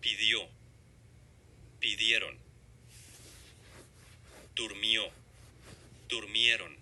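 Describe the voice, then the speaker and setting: A man reading lesson examples as a word list, slowly and deliberately, one word at a time. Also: fairly low pitch, fairly even intonation, sharp tone, a little hiss or hum. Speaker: model speaker reading examples.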